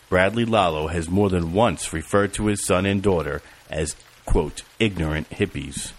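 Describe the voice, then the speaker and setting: A man narrating an audiobook in an even, measured reading style. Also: deep voice. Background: music and rain.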